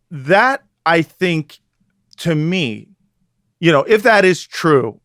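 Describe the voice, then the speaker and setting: A man's voice: on the high side, a bit bright, no echo, studio quality. A man co-hosting a podcast, reading an article aloud with mock drama and sarcastic asides. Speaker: podcast co-host. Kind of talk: casual chat, reading an article aloud mockingly.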